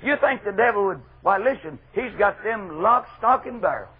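A middle-aged man preaching a fervent revival sermon, moving from loud exhortation to hushed asides. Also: sits high, lively intonation, a little fast, hardly any pauses, slightly rough. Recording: dull lo-fi archival sermon recording.

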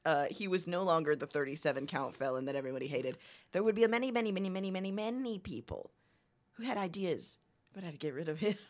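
A woman co-hosting a podcast, making dry, deadpan quips in casual chat. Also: on the low side, fast talker. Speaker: podcast co-host.

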